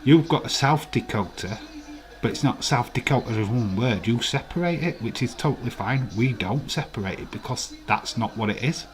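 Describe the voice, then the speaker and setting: With lively intonation and a normal speaking speed, a mid-range-voiced man hosts a casual live watch-along. He comes from West Yorkshire, speaks with a Yorkshire English accent, and jokes and argues playfully with his viewers.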